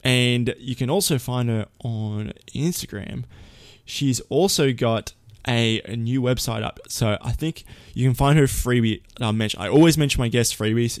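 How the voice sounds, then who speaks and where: A man's voice: medium pitch, unhurried, dry recording. A man hosting a podcast, talking in a chatty, upbeat way with fillers and restarts. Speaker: podcast host. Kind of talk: casual podcast intro.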